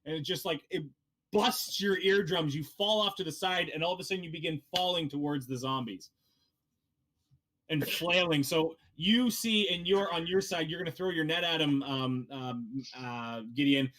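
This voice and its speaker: A man narrating a tabletop game as game master, halting often with ums and likes as he describes scenes. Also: on the high side, sharp tone.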